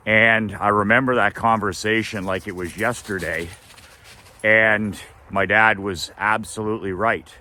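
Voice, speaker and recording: A middle-aged man telling a personal story in a relaxed way, with fillers and laughs. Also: on the low side, unhurried, slight background noise. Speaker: business coach. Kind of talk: casual storytelling.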